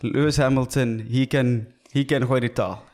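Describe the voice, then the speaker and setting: A man's voice: mid-range voice, moderate pace. A young man co-hosting a casual podcast, joking and swearing freely. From South Africa. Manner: joking, profane, animated. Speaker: podcast co-host. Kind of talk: casual chat.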